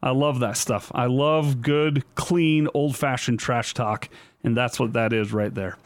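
A man hosting a casual sports podcast, relaxed and chatty, with a chuckle now and then. His pitch sits in the middle and steady. The sound is close and dry, with no room echo. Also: measured pace. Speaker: podcast host.

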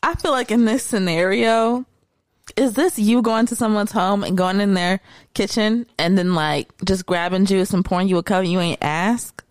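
A woman hosting a casual podcast chat, laid-back and quick to murmur agreement. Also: mid-range voice, no echo. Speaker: podcast host.

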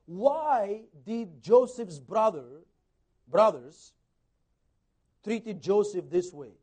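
A man preaching a conversational sermon as a pastor, swinging between loud emphasis and soft asides, sometimes acting out dialogue. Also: sits high, lively intonation, drawn-out words, pauses often. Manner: acts out quoted dialogue.

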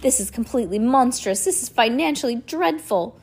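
A woman voicing a fussy male banker in a read-aloud storybook, speaking loudly and indignantly. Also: on the high side, expressive, fairly quick, breathy edge, pitched above the performer's own voice.

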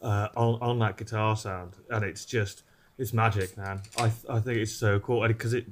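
A man's voice: lowish voice, steady tone, moderate pace, a little hiss or hum. A man from England, a guest on a podcast, explaining music in an eager, rambling way. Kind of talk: casual chat.

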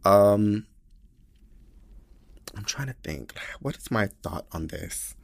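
A man hosting a podcast, chatting casually and reading listener letters in a sassy, profane, animated way, sounding tired. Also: lowish voice, slow pace, gravelly, no echo. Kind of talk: casual chat.

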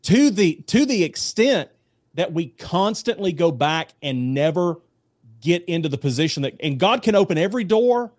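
Animated, storytelling man, higher-pitched. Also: normal speed, dry recording, clean studio sound. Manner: animated storyteller, does voices in jokes. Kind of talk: casual faith discussion.

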